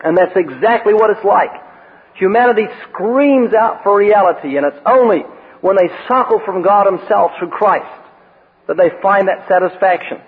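A man's voice: high-pitched, moderate pace, slightly rough. A man preaching a sermon and telling a personal story, with emphatic quoted lines. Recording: tinny phone-like radio broadcast with long reverb.

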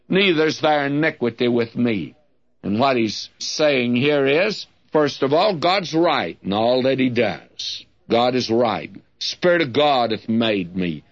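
A man teaching a sermon verse by verse, reading scripture aloud and explaining it deliberately. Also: mid-range voice, lo-fi sound. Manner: slow, deliberate, with lively rises when reading scripture. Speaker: Bible teacher. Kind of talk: expository sermon.

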